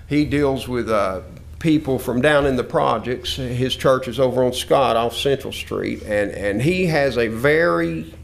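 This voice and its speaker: A man with a drawl delivers a sermon lesson in a voice of ordinary middle pitch. He quotes scripture earnestly and circles back to repeat his points. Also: vocal fry. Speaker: preacher.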